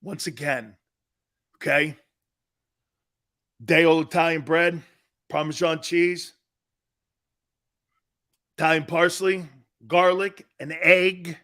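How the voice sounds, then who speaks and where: Middle-aged male sports talk host, brash and bright, ranting casually. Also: on the high side, takes it slowly, pauses often. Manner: loud, animated, bantering rants.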